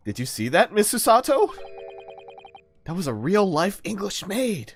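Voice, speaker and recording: A man's voice: high voice, wildly swooping pitch, slow, long pauses, husky. A male streamer chatting casually while playing, giggly and self-deprecating. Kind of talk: casual let's-play chat.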